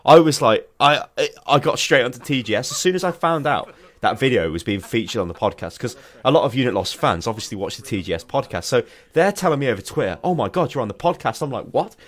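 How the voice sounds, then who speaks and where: Animated man, lively storyteller. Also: medium pitch, quick pace, hardly any pauses. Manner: animated storytelling, swears freely. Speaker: host. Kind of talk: casual chat.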